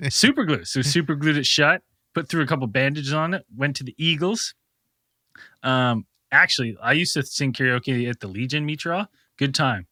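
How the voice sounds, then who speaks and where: A man's voice: mid-range voice, normal speed, sharp tone, no echo, clean studio sound. A man co-hosting a podcast, telling a rambling, profane anecdote with frequent laughs in casual chat. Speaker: podcast co-host.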